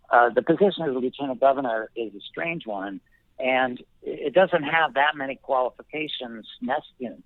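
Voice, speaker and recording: A middle-aged man telling a personal story as an interview guest, thoughtful and halting, pausing often and restarting his sentences. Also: medium pitch, dry recording. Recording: dry tinny phone line.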